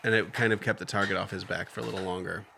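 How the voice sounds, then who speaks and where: Low-voiced man ribbing his co-hosts. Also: steady tone, very fast, vocal fry, sharp tone, slight background noise. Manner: teasing, laughs often. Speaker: podcast co-host. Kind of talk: casual chat recapping a reality show.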